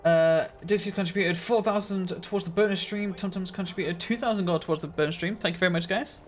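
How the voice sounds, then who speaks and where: A man's voice: sits high, fast talker. A man streaming a video game live, chatting casually with his viewers in a laid-back, slightly mumbly way and chuckling often.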